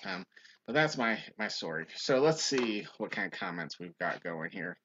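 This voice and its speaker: Low-voiced youth minister telling a story. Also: male voice, normal speed, a little hiss or hum. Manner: animated storyteller, high-pitched quoted voices. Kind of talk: casual storytelling livestream. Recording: dull lo-fi livestream audio.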